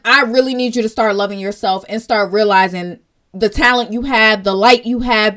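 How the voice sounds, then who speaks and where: A woman's voice: a little high, a bit bright. A young woman, hosting her own vlog and speaking in an earnest, direct commentary style that turns tearful at times. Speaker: vlog host.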